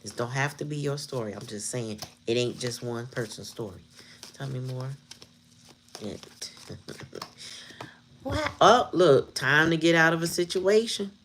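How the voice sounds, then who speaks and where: A woman with a low voice gives a casual tarot reading. She talks bluntly, swears freely and laughs often. Faint room noise sits under her voice. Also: lively intonation, unhurried, pauses often, a bit bright. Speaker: tarot reader.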